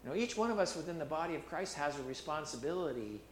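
High-pitched guy preaching, emphatic, repeats himself a lot, echoey church room. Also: fast, slight background noise. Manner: animated, emphatic preaching with repetitions and restarts. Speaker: pastor. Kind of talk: sermon.

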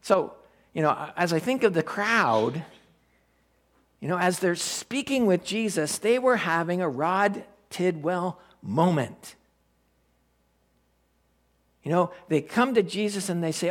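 Pastor, male, slow and deliberate, high voice, chatty storytelling sermon. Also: animated. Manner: storytelling, conversational with fillers.

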